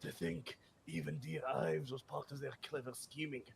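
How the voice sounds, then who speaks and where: A man's voice: medium pitch, very animated, moderate pace, vocal fry, slight background noise, voice pushed down. A man voicing a sheltered, fanciful young noblewoman writing her diary, with a put-on Scottish accent and a prim, melodramatic reading manner. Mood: dreamy. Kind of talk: reading aloud in character.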